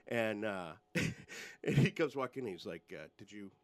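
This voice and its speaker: A man's voice: on the low side, a little slow. A middle-aged man co-hosting a podcast, telling a story casually and acting out the quotes with laughter. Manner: animated, laughing, acts out quotes. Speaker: podcast co-host.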